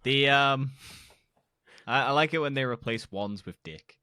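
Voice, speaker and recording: A man's voice: medium pitch, a little slow, bright, forceful tone, clear, resonant tone, dry recording, clean studio sound. A young man co-hosting a podcast, talking bluntly with crude asides in casual chat. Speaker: podcast co-host.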